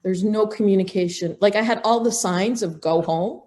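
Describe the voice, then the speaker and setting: A middle-aged woman, a podcast guest, telling a personal story in a lively way with restarts. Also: mid-range voice, normal speed. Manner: animated, acts out quoted dialogue, frequent restarts. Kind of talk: casual storytelling in an interview.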